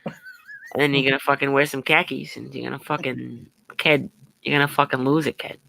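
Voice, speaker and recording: A man's voice: medium pitch, steady tone, a little fast, vocal fry, pushed and bright, rough recording. A man with a Boston accent, voicing a hot-headed, swearing Boston tough guy who picks fights. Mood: angry, taunting. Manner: swearing constantly, picking fights.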